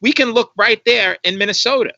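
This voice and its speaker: A man's voice: high voice, fairly quick, vocal fry, pushed and bright, no room sound, muffled recording. A man speaking as an interview guest on a live stream, emphatic and repetitive, asking rhetorical questions. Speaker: guest commentator on policing.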